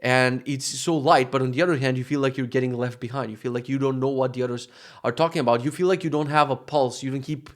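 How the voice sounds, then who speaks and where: Fast-talking Eastern European man podcasting. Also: medium pitch, fairly even intonation. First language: Macedonian. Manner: rambling, profane, self-interrupting. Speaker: podcast host. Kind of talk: casual solo podcast monologue.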